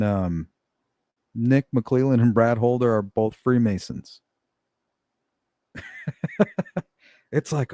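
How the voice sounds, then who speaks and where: A man's voice: mid-range voice, dark tone, dry recording, clean studio sound. A middle-aged man hosting a casual live chat, blunt and profane, laughing often as he reads comments. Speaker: livestream host reading chat.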